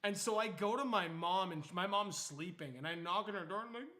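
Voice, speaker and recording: Young guy streamer, high bright voice, swears a lot, gets loud and animated telling stories. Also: fairly quick. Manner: animated, swears freely, acts out quotes loudly. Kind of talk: casual chat storytelling.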